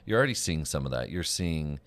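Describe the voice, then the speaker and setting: A man's voice: rumbling low, very animated, a little fast, a loud crowd. A man hosting a morning show, chatting casually and telling rambling stories full of restarts and laughs. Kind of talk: casual chat.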